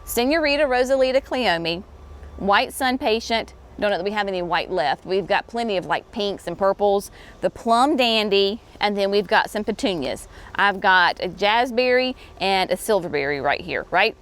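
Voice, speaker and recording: A woman's voice: mid-range voice, moderate pace, fairly bright tone. Chatty woman touring a plant nursery. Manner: chatty, enthusiastic, says y'all. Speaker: garden center host. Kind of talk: casual walkthrough video.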